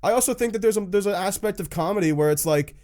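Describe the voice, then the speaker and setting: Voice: medium pitch, fast, warm tone. A podcast co-host chatting casually, with wry, blunt interjections. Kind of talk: casual chat.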